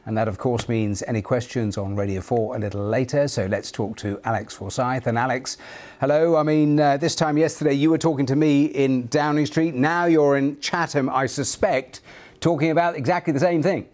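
A man, a news presenter, handing over to reporters in a smooth, conversational way. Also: mid-range voice, steady tone, moderate pace, a little mellow.

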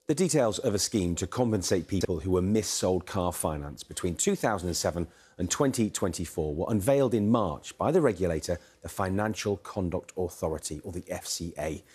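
A man reporting as a business correspondent, explaining a story in a measured news delivery. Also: deep voice, expressive, darkish tone, husky.

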